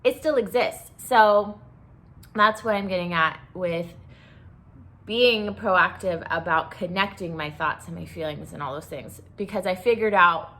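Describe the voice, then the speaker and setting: A woman's voice: lowish voice, unhurried, pushed and bright. A woman hosting a solo podcast, talking candidly about grief in a blunt, profane, impassioned way. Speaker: podcast host.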